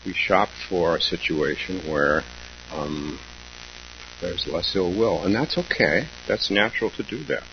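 A Zen teacher gives a dharma talk, reflective and halting, slow with pauses and soft laughter. His voice sits low and is animated. The dull lo-fi recording carries a faint hum.

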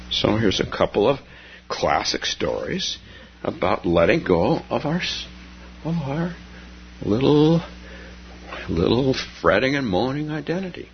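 A man teaching as a Zen teacher in a gentle, storytelling dharma talk, repeating key phrases softly. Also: medium pitch, very animated, a little slow, long pauses, highs cut off, slight background noise.

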